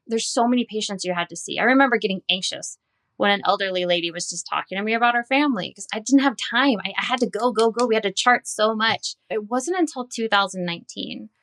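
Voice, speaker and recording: A woman's voice: mid-range voice, bright, forceful tone. A woman in her forties, a dietitian, telling her personal story candidly and earnestly in an interview. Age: 40s. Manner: candid and earnest, recounting with quoted dialogue. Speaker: dietitian and guest.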